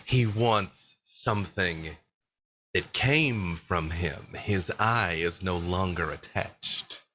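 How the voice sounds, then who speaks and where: A man playing a tabletop game, talking lively and half in character. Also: deep voice, slow. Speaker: player.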